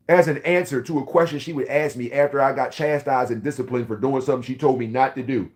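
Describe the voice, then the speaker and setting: A man in his forties from Philadelphia, ranting loudly and profanely to camera in a rambling, heated, comedic way. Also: medium pitch, steady tone, fast talker, few pauses. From Philadelphia, USA. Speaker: vlogger.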